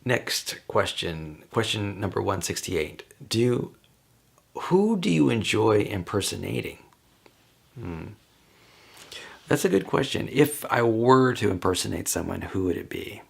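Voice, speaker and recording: A man with a low, gravelly voice chats on his own, working through a list of questions. He rambles easily, stopping for ums and small laughs as he thinks out loud. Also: big pitch swings, measured pace. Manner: rambling, chatty, with frequent ums and light laughs. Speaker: vlogger. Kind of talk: casual solo talk answering questions.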